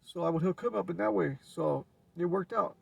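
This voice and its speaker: Casting: LA man, gravelly and raspy, laid-back storyteller heard from off-mic. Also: high voice, fairly quick, a little mellow, recorded from a distance. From Los Angeles. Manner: laid-back street slang with frequent restarts. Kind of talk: casual storytelling.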